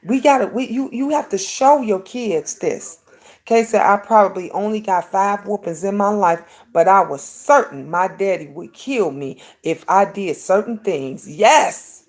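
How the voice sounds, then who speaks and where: A woman's voice: mid-range voice, measured pace, darkish tone. A woman, hosting a casual livestream chat, emphatic and preachy, talking straight to her viewers. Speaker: livestream host.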